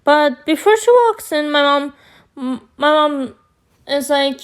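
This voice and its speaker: Woman vlogger, high-pitched, slightly hoarse, slow rambling storyteller. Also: lively intonation. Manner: rambling, filler-heavy, addresses viewers as guys. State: hoarse from screaming. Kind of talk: storytime chat.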